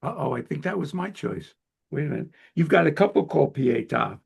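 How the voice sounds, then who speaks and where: A chatty man hosts a relaxed interview, his voice set a little high for a man, with a gravelly, husky edge. He laughs easily and pokes fun at himself while he asks questions. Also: brisk. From Long Island, United States. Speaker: host. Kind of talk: conversational interview.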